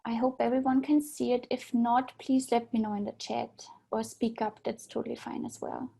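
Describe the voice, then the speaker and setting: A woman with a higher, husky voice and a gravelly edge co-hosts an online workshop. She speaks briskly and in a friendly way, giving practical instructions over a video call. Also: level tone, warm tone. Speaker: co-facilitator. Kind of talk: casual online workshop talk.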